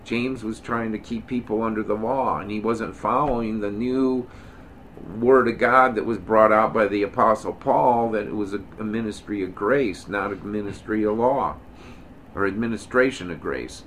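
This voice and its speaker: A man's voice: lowish voice, moderate pace, a bit bright, slight background noise. A middle-aged man leading an informal Bible study, reading verses aloud with emphasis and drifting into digressions, self-corrections and joking asides. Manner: reads scripture aloud with emphasis. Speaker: Bible teacher.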